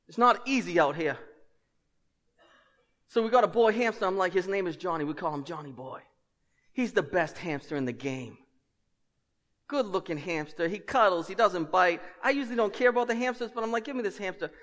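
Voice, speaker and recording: A pastor with a high-pitched voice preaches a sermon in a large hall, telling stories with energy. He slips in humorous asides and swings between loud and hushed.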